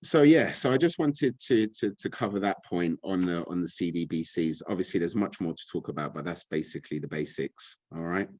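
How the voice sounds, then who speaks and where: A man's voice: deep voice, a little fast, hardly any pauses, a little mellow, dry recording. A man talking on a video call, enthusiastic and rambling, often repeating words. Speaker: guest speaker. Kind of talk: casual webinar talk.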